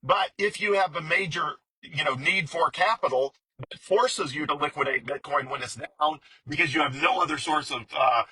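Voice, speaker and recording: A man's voice: a little high, normal speed, few pauses, bright, forceful tone, a little hiss or hum, poor audio. A man giving a casual, explanatory monologue about investing, talking conversationally with frequent fillers, restarts and repetition. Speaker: bitcoin commentator.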